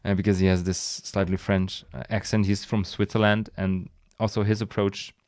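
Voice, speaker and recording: A man's voice: fairly low pitch, level tone, moderate pace, a little mellow, no echo, studio quality. A man hosting a casual solo podcast, talking enthusiastically in a rambling way, with frequent restarts, sighs and laughs. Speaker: podcast host.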